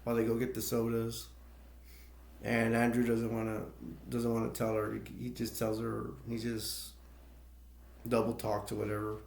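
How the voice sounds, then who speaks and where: A man's voice: mid-range voice, completely flat delivery, normal speed, gravelly, long pauses, darkish tone. A man casually retelling a film's plot as a movie reviewer, rambling and laughing between points. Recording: echoey room.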